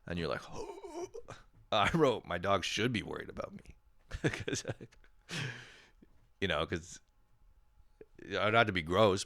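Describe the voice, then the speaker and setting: A man hosting a podcast, rambling through a self-mocking comedic monologue, swearing often and breaking into sudden loud animated bursts. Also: low voice, dry recording. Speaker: podcast host.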